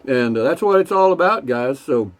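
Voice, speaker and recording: Expressive and mid-range, this male vlogger's voice moves at a moderate pace as he tells jokes casually. He rambles in a loose, folksy manner, fills the talk with asides, and between jokes stops to toast and sip his beer.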